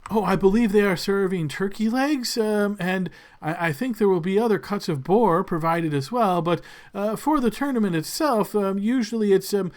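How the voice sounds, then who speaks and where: A man's voice: high voice, moderate pace, few pauses, pitched above the performer's own voice, natural voice. A man voicing a nervous, overly polite male servant in a tabletop game, stammering and apologizing. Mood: flustered.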